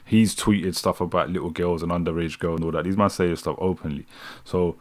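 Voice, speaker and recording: Young man, London street accent, fairly low voice, livestream reaction host, mocking, laughs a lot. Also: fairly even intonation, a little fast. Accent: British, London street style. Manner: mocking, laughs often, talks to chat. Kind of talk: live reaction commentary.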